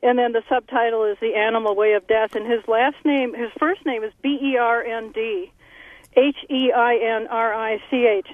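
A woman's voice: on the high side, fairly even intonation, moderate pace, no echo. An earnest, enthusiastic woman calls in to a radio show. Her voice comes through a thin, tinny phone line and sounds dry. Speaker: caller. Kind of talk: radio call-in.

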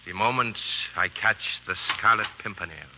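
A cold, scheming ambassador who speaks with measured, dry politeness, played by a man in a 1930s radio drama. His voice sits low. The broadcast sounds dull and slightly hissy. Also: lightly acted. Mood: plotting. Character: scheming male French ambassador, cold and smooth.

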